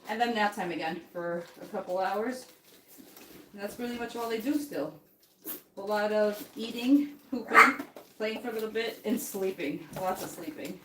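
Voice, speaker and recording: A dog breeder hosts a casual livestream, chatting at a normal speed as she walks viewers through a puppy-care routine and coos to the puppies in a high, soothing voice. She sounds distant from the mic in an echoey room, with faint noise and the puppies audible underneath.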